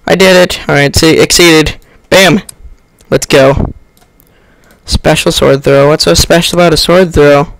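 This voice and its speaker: A young man on a headset giving excitable let's-play commentary, yelping and laughing as he plays. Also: on the high side, measured pace, creaky, no echo. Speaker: gamer.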